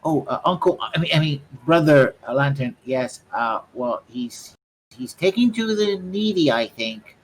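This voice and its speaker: A jittery young rat acolyte speaks up a bit high and a little too fast with courtesy, voiced by a man. He stumbles over his words, eager to please. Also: lively intonation, slight background noise, rough recording. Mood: flustered polite. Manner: hesitant, polite. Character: young timid male rat acolyte, teenage.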